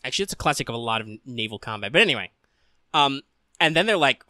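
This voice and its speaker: Bright-voiced young man, casual and profane. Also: mid-range voice, fast, no room sound. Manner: rambling, swears a lot, deadpan quotes. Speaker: podcast co-host. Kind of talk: casual anime discussion.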